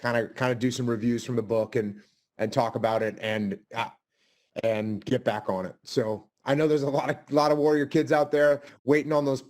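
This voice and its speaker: A man's voice: mid-range voice, steady tone, moderate pace, a little mellow. A man answering audience questions in a blunt way, often repeating phrases for emphasis. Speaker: guest speaker.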